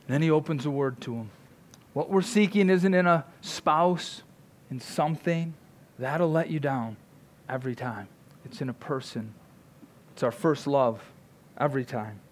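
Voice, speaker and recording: Conversational male pastor, slightly high voice. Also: a little slow, long pauses. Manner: conversational preaching, frequent "right?" asides. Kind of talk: sermon.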